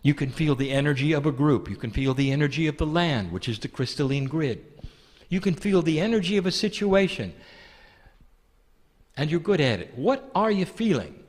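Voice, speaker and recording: Guy channeling spirit stuff, soft and gentle, calls ppl dear one, voice swoops up and down. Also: fairly high pitch, expressive, normal speed. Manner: gentle, affectionate, addresses listeners as "dear one". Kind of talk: channeled spiritual talk to an audience. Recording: long hall reverb.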